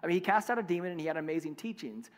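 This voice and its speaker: Male pastor, high voice, chatty sermon with restarts, reverberant hall. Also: animated, racing. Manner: conversational, many fillers and restarts.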